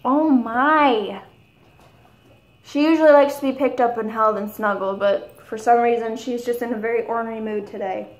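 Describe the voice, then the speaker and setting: A young woman in her twenties chatting casually at home in a haul video, gushing and rambling with drawn-out enthusiasm. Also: a little high, fairly even intonation. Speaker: vlogger.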